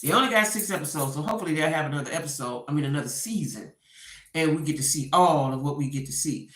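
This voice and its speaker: A woman's voice: deep voice, quick pace, roomy sound. A woman doing casual gossip commentary, acting out the quotes as she retells a story. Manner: animated storytelling, acts out quotes.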